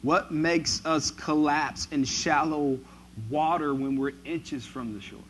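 A man preaching a sermon who moves from quiet, reflective passages to loud, emphatic ones. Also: a little high, slow pace, a little hiss or hum, low-quality recording.

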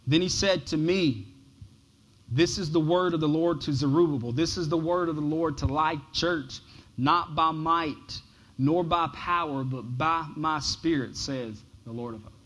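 A pastor preaching a sermon, shifting from loud, emphatic lines to soft, near-whispered ones and often repeating words as he starts a phrase. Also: on the high side, a little slow, poor audio.

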